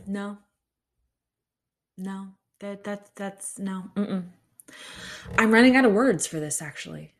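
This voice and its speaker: A woman's voice: medium pitch, sing-song, slow, long pauses. A young woman hosting her own podcast, talking in a rambling, incredulous way with many restarts. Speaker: podcast host. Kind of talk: casual solo podcast commentary.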